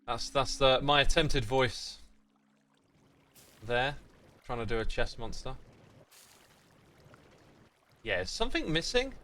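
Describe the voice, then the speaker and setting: A man's voice: mid-range voice, sing-song, slow, long pauses, bright, forceful tone, faint music behind. A British man streaming a game, thinking aloud and chatting with his viewers in a casual way. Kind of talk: casual livestream commentary.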